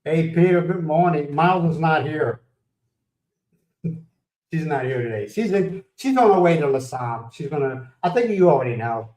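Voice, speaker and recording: A man's voice: fairly high pitch, lively intonation, moderate pace, darkish tone, reverberant, far from the mic, low-quality recording. A man from the United States hosting a livestream, chatting casually, telling rambling stories, laughing and greeting viewers by name. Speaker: livestream host. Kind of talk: casual chat.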